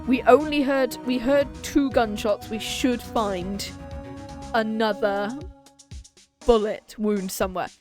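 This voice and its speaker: A young woman streaming a game, reading its dialogue aloud and chatting with quick reactions. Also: on the high side, steady tone, a little mellow, faint music behind.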